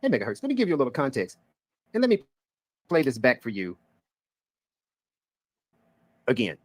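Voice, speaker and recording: Fast-talking sarcastic male commentator. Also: medium pitch, wildly swooping pitch, no room sound. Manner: sarcastic, explaining. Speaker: commentary streamer. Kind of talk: drama commentary.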